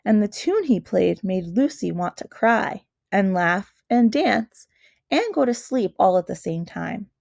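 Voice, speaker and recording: A woman narrating a storybook in a measured, storytelling manner. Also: medium pitch, animated, gravelly, darkish tone, no echo, clean studio sound. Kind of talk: storybook reading.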